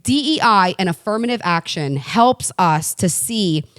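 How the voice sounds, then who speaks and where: Blunt, animated woman podcast guest. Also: mid-range voice, measured pace, no room sound, clean studio sound. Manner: animated, blunt, profane, laughs often. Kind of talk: casual podcast chat. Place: Los Angeles.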